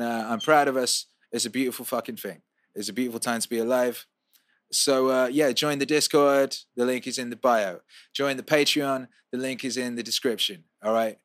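A man hosting a podcast, answering listener questions in a casual, profane rant that swings from a laid-back drawl to loud outbursts. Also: medium pitch, no room sound, clean studio sound. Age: adult with a young son. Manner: profane, fired-up ranting with repeated phrases.

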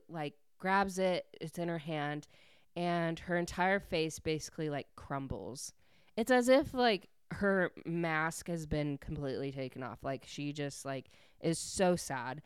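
A woman hosts a podcast and recaps a book in loose, chatty talk full of fillers. Her voice sits low and is very smooth and clean. The recording is dry and close. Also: takes it slowly, dry recording. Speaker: podcast host.

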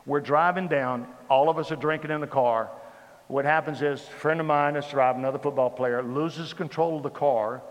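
A man giving a sermon testimony, telling his story with lively repetition. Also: fairly high pitch, moderate pace, long reverb tail, dull audio. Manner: animated storytelling with repeated phrases. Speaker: preacher.

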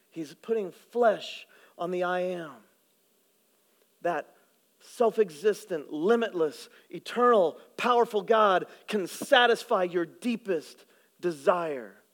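Animated high-voiced male preacher. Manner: animated preaching, shifting from loud emphasis to hushed low delivery. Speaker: pastor. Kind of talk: sermon.

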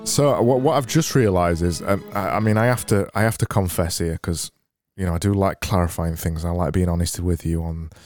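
A man's voice: low voice, a little fast, a little mellow. A man hosting a casual solo podcast, rambling in dry, self-mocking asides, with faint music behind. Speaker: podcast host.

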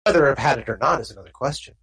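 A nonchalant man guarding a strange book speaks in a calm, soothing, cryptic way in a tabletop game, as the game master puts him on. His voice is pitched up and a little husky. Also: rapid-fire, rough recording.

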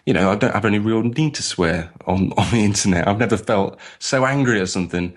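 Deep-voiced rambling man. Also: lively intonation, brisk. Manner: rambling, self-mocking, many fillers and restarts. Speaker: podcast co-host. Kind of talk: casual podcast chat.

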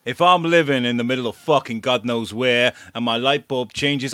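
A man's voice: medium pitch, fairly bright tone, no echo, clean studio sound. A man voicing a rude, foul-mouthed, aggressive alter ego of himself, swearing brashly during a casual group quiz chat. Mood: ranting.

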